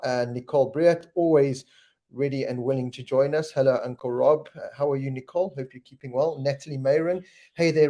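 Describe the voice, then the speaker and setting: A South African man in middle age keeps a live stream rolling, greeting fans one by one with easy jokes. His voice sits at a middle pitch and sounds warm and dark. He talks in a loose, chatty way. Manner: chatty, jokey, rattles off viewer names. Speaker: host. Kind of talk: live-stream chat reading fan comments.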